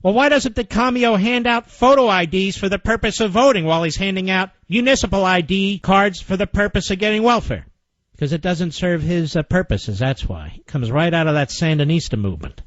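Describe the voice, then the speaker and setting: Sarcastic guy ranting on talk radio, high voice all over the place, dry muffled sound. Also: lively intonation, fairly quick, fairly bright tone, no echo. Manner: sarcastic, indignant, mocking. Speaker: radio talk show host. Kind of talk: combative political radio commentary. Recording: muffled lo-fi broadcast audio.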